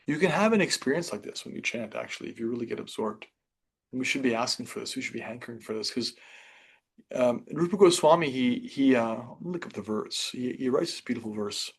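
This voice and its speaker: A man leading a scripture class, reading passages aloud and explaining them in a reflective, conversational way, with restarts and softer asides. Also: mid-range voice, expressive, a little fast, slightly rough.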